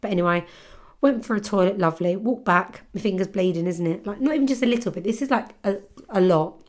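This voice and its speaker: Talking fast in a mid-range, darkish voice, a young podcast host tells a story on her own in a casual monologue. Her speech is loose and chatty, heavy on filler words and swearing, like she's talking with friends.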